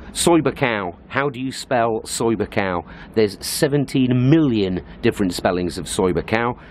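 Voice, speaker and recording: A man's voice: lowish voice, a little hiss or hum. A British man talking casually to camera in a travel vlog, explaining things in a chatty way with lots of "uh" fillers. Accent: British English. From Britain. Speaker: travel vlogger. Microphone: handheld compact camera.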